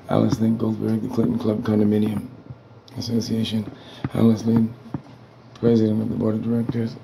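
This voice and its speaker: Gravelly, agitated man ranting at home. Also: lowish voice, completely flat delivery, a little fast, background noise. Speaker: tenant vlogger. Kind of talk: angry rambling rant. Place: apartment indoors.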